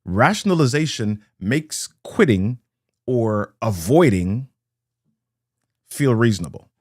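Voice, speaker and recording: A man's voice: mid-range voice, sing-song, slow pace, a little mellow, husky, no room sound, clean studio sound. A man giving a live motivational talk to online viewers. He speaks in rhythmic phrases, repeats key lines and greets viewers by name.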